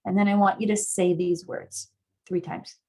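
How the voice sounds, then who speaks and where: A woman therapist teaching an online workshop, guiding listeners through an exercise in an earnest way, sometimes rising into excited affirmations, heard over a video call. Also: medium pitch, normal speed. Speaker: somatic therapist guest speaker.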